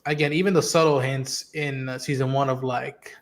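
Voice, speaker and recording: A man co-hosting a podcast, chatting excitedly and swearing a lot while acting out lines. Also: medium pitch, normal speed. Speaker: podcast co-host. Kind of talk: casual chat. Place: home studio.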